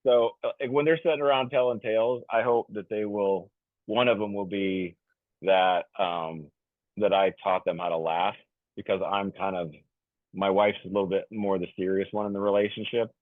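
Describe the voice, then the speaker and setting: Speaking at a normal speed in a steady, deep voice, this fifties-aged podcast guest tells a casual, rambling story, tripping over restarts and fillers. He's jokey and describes himself as goofy. The audio sounds thin and phone-like, completely dry with no room echo.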